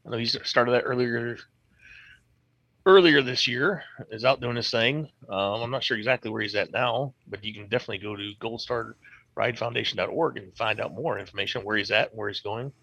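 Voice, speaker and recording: A man speaking as a podcast guest in an earnest, easygoing way. His speech is full of fillers and the occasional swear word. His voice is bright and forceful, and the sound is dry and close. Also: medium pitch, fairly quick, gravelly, slightly rough, dry recording. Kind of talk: casual chat.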